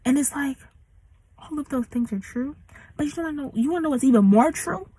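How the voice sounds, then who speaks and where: A teenage girl in her late teens, a young adult vlogger, rants casually through a storytime, her speech slangy and packed with "like." Her voice is high, brisk, and mellow. The recording is low quality but has no echo.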